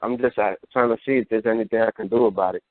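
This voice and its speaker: A man calling in to a show, answering in a hesitant, halting way. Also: fairly low pitch, fairly even intonation, no room sound. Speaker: caller. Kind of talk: phone call. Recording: tinny phone-line sound.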